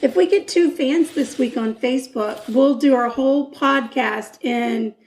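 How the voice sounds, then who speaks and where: A woman co-hosting a podcast in casual chat, chatty with deadpan quips. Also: high-pitched, a little slow, slight background noise. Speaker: podcast co-host. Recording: echoey room.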